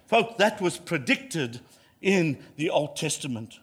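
A man's voice: a little high, big pitch swings, slow, a bit bright, breathy edge. A man preaching a sermon, emphatic and repeating lines for effect, rising to passionate peaks.

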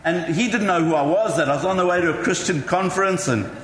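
High-voiced male preacher in an echoey hall. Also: fast, fairly bright tone. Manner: chatty, self-mocking storytelling. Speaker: pastor. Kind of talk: sermon. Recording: echoey hall with faint ambience.

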